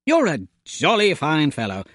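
A man voicing a foppish, excitable young upper-class gentleman with theatrical, plummy exclamations. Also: a little high, a little slow, dry recording, clean studio sound, heavily acted. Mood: exclaiming. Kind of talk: audiobook character voice.

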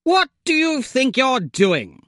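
A man voicing a foppish, excitable young upper-class gentleman with theatrical, plummy exclamations. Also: sits high, moderate pace, dry recording, clean studio sound, exaggerated voice. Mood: exclaiming. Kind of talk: audiobook character voice.

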